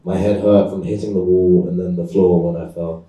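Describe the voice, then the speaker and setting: A man, the author, reading his novel aloud in a deadpan, measured way at a live event. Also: low voice. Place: event space in London. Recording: echoey room, far from mic.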